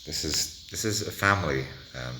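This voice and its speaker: A man's voice: rumbling low, lively intonation, moderate pace, noisy background. A man vlogging in a meandering, self-interrupting monologue, playful and at times dropping to a whisper. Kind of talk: rambling monologue to the camera.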